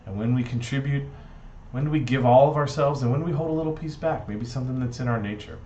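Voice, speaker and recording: A man's voice: mid-range voice, fast, mellow, slight background noise. A man giving a storytelling reflection, playful and earnest. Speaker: speaker giving a Shabbat reflection. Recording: dull echoey room recording.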